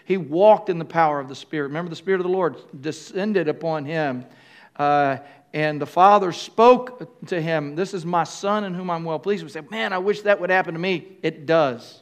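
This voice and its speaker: An older male pastor preaching a sermon, calling on the congregation to answer back and often stopping to restart his phrases. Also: a little high. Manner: call-and-response with the congregation; halting, with restarts and fillers.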